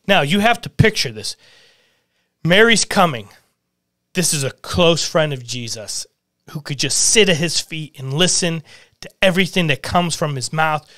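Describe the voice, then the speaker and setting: A man hosting a podcast, preaching earnestly on scripture, reading verses aloud and retelling them in everyday words, at times dropping to a hush. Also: on the high side, lively intonation, normal speed, dry recording, clean studio sound. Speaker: podcast host.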